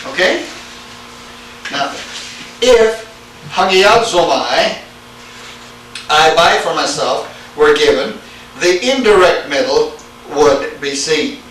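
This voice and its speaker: A man teaching a Greek class, lecturing slowly and quizzing his students as he goes. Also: on the high side, expressive, a bit bright. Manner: slow, deliberate, asks the class questions. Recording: echoey room, speaker far from mic, faint hiss.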